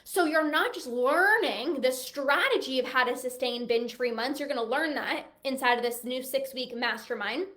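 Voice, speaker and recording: High-voiced enthusiastic woman coach. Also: normal speed, few pauses, fairly bright tone. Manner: enthusiastic, emphatic, acts out clients' worried thoughts. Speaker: binge eating coach. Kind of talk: direct-to-camera pitch.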